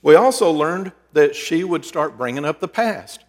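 A middle-aged man preaching and counseling, telling personal stories in an earnest, conversational way with sudden shifts between loud and soft. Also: on the high side, expressive, moderate pace. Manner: earnest, conversational, with dramatic swings in loudness. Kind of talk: storytelling sermon. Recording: long reverb in a large hall.

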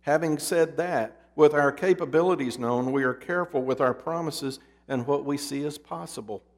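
A man preaching a sermon in a deliberate, emphatic storytelling manner, his endings dropping low. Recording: long hall reverb.

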